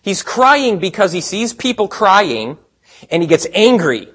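A man preaching a sermon in a conversational way, asking rhetorical questions and swinging between quiet asides and emphatic points. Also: high-pitched, sing-song, unhurried, breathy edge. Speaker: pastor.

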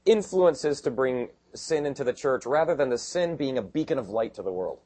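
A male pastor preaching a sermon in a conversational way, dropping quiet and then rising to emphatic bursts. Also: medium pitch, expressive, normal speed, few pauses.

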